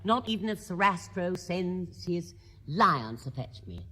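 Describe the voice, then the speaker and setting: A woman's voice: lowish voice, big pitch swings, measured pace, fairly bright tone, long reverb tail, heavily acted. A woman voicing a miserable, whining hungry male bird-catcher in a comic stage retelling. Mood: indignant. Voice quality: whinging.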